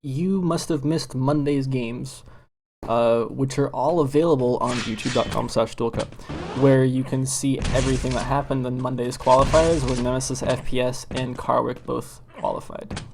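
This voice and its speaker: A man's voice: mid-range voice, fairly even intonation, normal speed, gravelly, noisy background. A man hosting and casting a live game stream, joking and rambling between matches. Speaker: esports caster and stream host. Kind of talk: casual live-stream commentary.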